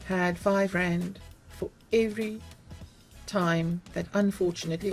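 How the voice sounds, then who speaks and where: A woman's voice: medium pitch, a little slow, soft background music. A middle-aged woman with a South African accent, explaining English spelling to learners patiently and spelling words out letter by letter. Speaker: English teacher.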